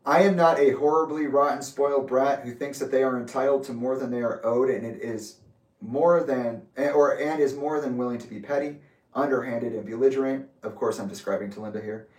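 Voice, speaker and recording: A man's voice: medium pitch, a little mellow. Man reading a letter in an echoey room. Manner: measured, deliberate and methodical. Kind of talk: reading his own letter aloud with asides. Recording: roomy echo, distant from mic.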